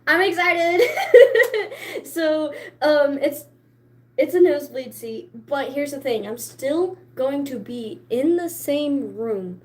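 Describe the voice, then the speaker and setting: Woman, high voice, casual vlog chat, excitable, chatty, frequent laughs. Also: slow. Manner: chatty and excitable, laughs often, many fillers. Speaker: vlogger.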